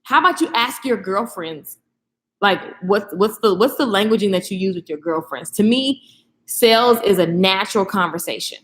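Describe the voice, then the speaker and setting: A woman hosting a casual late-night live stream, animated and slangy, laughing often and talking straight to her viewers. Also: medium pitch, normal speed. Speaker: live stream host, beauty professional. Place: echoey room, home at night. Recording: echoey room.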